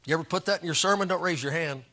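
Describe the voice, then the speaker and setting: Man preaching, high voice, bright tone, folksy and joking, reads scripture aloud. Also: very fast. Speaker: pastor. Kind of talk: sermon.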